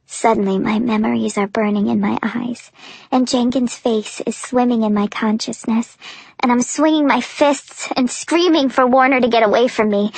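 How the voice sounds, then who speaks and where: A young woman reads a first-person audiobook with emotive, breathless intensity. Her voice sits high and bright in pitch, recorded dry and close with no room sound at all. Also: no room sound. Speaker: audiobook narrator.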